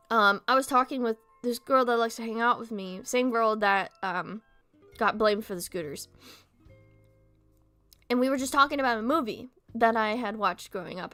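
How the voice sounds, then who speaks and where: A woman's voice: on the high side, a bit bright, clear, resonant tone, dry recording. A young woman chatting casually and candidly with her viewers, venting and swearing, and sometimes stumbling over words because of a speech impediment. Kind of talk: casual chat.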